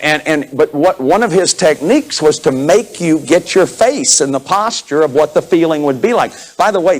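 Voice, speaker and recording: A man in his fifties giving a lively lecture on therapy, acting out examples, laughing often and restarting his sentences. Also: fairly high pitch, low-quality recording. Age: 50s. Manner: repeats words, restarts sentences. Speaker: therapist lecturing on inner child work.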